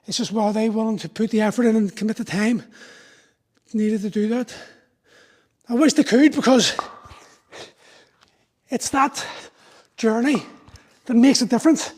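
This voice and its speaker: A man's voice: sits high, steady tone, measured pace, pauses often, darkish tone. A man in his forties, a fitness coach talking through a live workout, explaining and motivating in an earnest way. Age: 40s.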